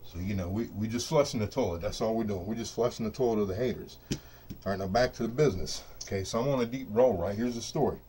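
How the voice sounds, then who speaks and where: A middle-aged man hosts a craps dice-control video from his home studio, rigged for rolling dice, ranting to camera in a casual, unscripted, profane way. His voice is lowish, fast and warm, with a little hiss or hum. He sounds boastful and fired up, leaning often on "you know what I mean."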